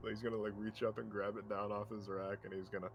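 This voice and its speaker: A man's voice: on the low side, level tone, fast. A man as game master, narrating a tabletop game in a casual, hesitant way with many fillers. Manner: casual, hesitant, laughs often. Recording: with music behind.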